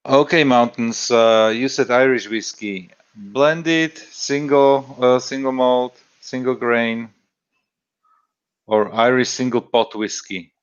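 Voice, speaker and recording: A man's voice: mid-range voice, smooth, dull audio. A man hosting a casual livestream chat, rambling and reading out product details. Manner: slow, rambling, reads out labels. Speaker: stream host.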